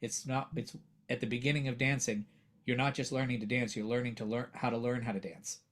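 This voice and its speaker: A man, a voiceover actor and coach, talking earnestly in a casual interview and growing animated as he makes his points. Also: mid-range voice, a little fast. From United States.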